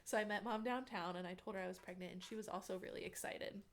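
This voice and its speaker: A young woman talks through a personal story as an interview guest, with a medium pitch. She fills her speech with "like" and slips into quick acted-out bits of what others said. Her tone is chatty and conversational. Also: slight background noise. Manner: chatty, many "like" fillers, acts out quotes. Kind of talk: casual storytelling.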